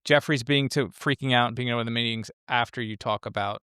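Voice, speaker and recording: A man with a smooth, clear voice talks through a film in an eager, rambling podcast chat. He often restarts his sentences. The sound is dry and close, with no room around it. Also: medium pitch, sharp tone, dry recording. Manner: enthusiastic, rambling, quick restarts. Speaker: podcast co-host. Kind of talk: casual film discussion.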